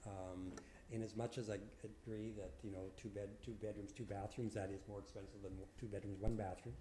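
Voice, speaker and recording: A man's voice: fairly low pitch, level tone, brisk, mellow, reverberant, a little hiss or hum. A man representing a housing project, answering council questions hesitantly with many fillers. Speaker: development proponent.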